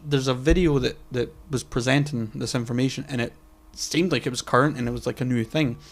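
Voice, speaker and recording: A man in easy podcast conversation, his voice sitting at an ordinary middle pitch. He rambles, hunts for words, swears casually and lets phrases drift off quietly. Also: steady tone, brisk. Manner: trails off quietly mid-sentence. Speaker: podcast co-host. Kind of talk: casual chat.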